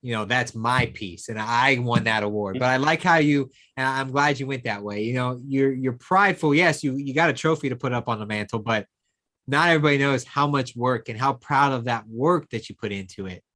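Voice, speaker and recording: A man hosts an interview in an ordinary mid-pitched voice. He echoes back and affirms what his guest has said. His talk is loose and conversational, full of filler words. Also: fairly quick, pushed and bright. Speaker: interview host. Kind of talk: interview hosting.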